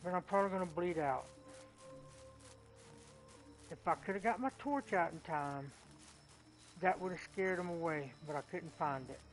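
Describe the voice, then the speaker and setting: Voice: mid-range voice, poor audio. A gaming channel co-host giving let's play commentary, talking to themself while playing and yelping when chased.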